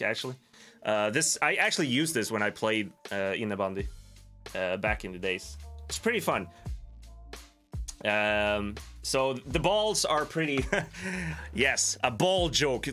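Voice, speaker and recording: A man's voice: medium pitch, bright, forceful tone. A young Swedish man with a Swedish accent, hosting a casual livestream, rambling and chuckling at his own jokes while he answers viewers. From Sweden. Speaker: livestream host. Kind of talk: casual livestream chat reading viewer comments.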